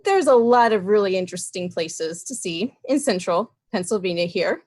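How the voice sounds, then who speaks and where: A woman's voice: medium pitch, animated, moderate pace, darkish tone, dry recording, clean studio sound. Upbeat woman presenting on a video call. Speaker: presenter in a slideshow game. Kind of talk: improvised comic presentation.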